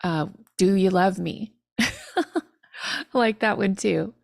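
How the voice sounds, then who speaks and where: A woman's voice: medium pitch, sing-song, takes it slowly, gravelly, no room sound, clean studio sound. A woman teaching phrases in a live-streamed language lesson, chatty and laughing at literal translations.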